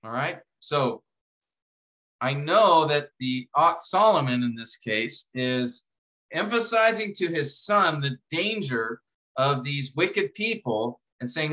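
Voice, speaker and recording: Guy teaching a class, kinda high bright voice, explains step by step, restarts a lot. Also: animated, poor audio. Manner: explanatory, repeats and restarts phrases, reads verses slowly. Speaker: instructor. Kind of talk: classroom lecture walkthrough.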